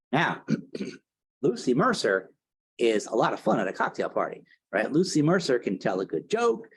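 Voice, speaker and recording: A man's voice: on the high side, very animated, moderate pace, husky, low-quality recording. A man giving a casual, storytelling history lecture, chatty and theatrical, often checking in with the audience. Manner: chatty, theatrical, tag questions.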